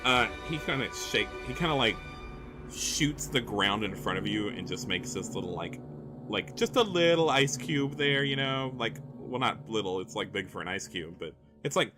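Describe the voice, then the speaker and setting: A man's voice: medium pitch, animated, moderate pace, over music. A man narrating as game master in a rambling, hesitant way with many fillers.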